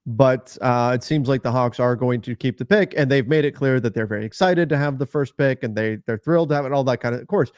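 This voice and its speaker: A man's voice: mid-range voice, quick pace, few pauses, a little mellow, dry recording, studio quality. A man co-hosting a casual sports podcast, easygoing with a few hesitant fillers. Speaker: co-host.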